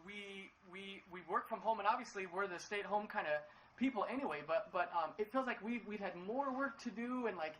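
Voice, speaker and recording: A man's voice: sits high, brisk, fairly bright tone, slight background noise, rough recording. A man preaching a casual livestream sermon from his living room, chatty and upbeat, with many fillers and restarts, acting out quoted lines in playful voices. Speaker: pastor.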